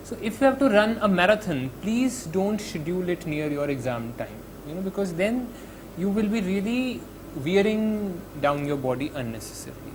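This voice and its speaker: A man's voice: high-pitched, background noise. Conversational Indian man giving student advice. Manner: conversational, with many "you know" fillers and Hindi phrases mixed in; slows down to demonstrate calm breathing. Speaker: psychologist giving a talk.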